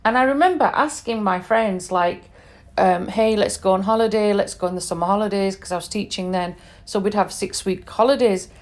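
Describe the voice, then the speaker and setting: A woman's voice: medium pitch, brisk. A British woman in her forties shares her own travel memories on a podcast. She speaks chattily, leans hard on the points she wants to land, and often drops in little asides to the listener. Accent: British English. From England. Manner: conversational, emphatic, lots of fillers and asides. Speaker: podcast host. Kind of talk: personal storytelling monologue.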